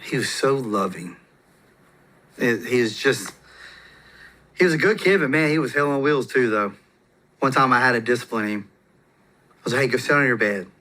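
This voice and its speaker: A man's voice: medium pitch, lively intonation, normal speed, long pauses, sharp tone. A man telling personal stories as a podcast guest in a casual, rambling way, with fillers and restarts. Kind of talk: casual storytelling.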